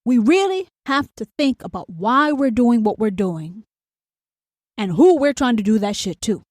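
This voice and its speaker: A woman's voice: on the high side, big pitch swings, unhurried, darkish tone, no echo, studio quality. A woman hosting a solo podcast, talking bluntly and profanely and hammering her points home with "do you understand?". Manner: acts out an inner angel and demon in quoted voices. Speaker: podcast host.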